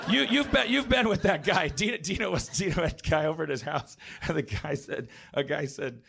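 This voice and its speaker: A man's voice: on the high side, lively intonation, brisk, creaky, a bit bright, husky. Rambling man telling a bar story. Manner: rambling, self-interrupting, lots of restarts. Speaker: podcast host telling a story. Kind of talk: live comedy podcast storytelling. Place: live stage show.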